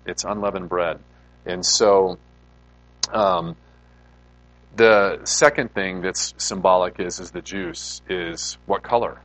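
A man's voice: low voice, a bit bright, low-quality recording. A male pastor giving a conversational sermon in an informal way, putting rhetorical questions to his listeners.

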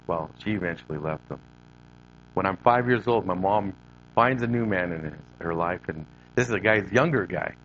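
A middle-aged man from Northern California telling his childhood story to an audience, turning to them with questions and acting out his younger self. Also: sits low. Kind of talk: personal testimony to an audience. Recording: dull lo-fi recording with faint hum.

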